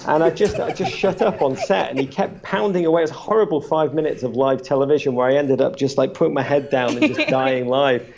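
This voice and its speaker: A man, a podcast guest and author, telling animated anecdotes at a live panel with many restarts. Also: mid-range voice, brisk, creaky, few pauses.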